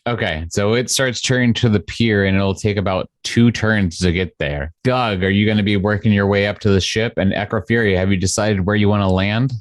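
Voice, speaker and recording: A man running a tabletop game as game master, with a quick, easygoing manner. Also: lowish voice, fairly even intonation, no echo.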